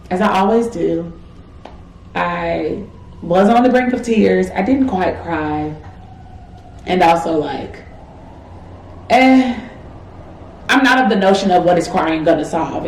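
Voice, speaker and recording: Woman in her twenties, lowish voice, candid reflective vlog talk, echoey room with faint background hum. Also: a little mellow. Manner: reflective, self-encouraging, frequent "like" fillers. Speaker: medical student vlogger.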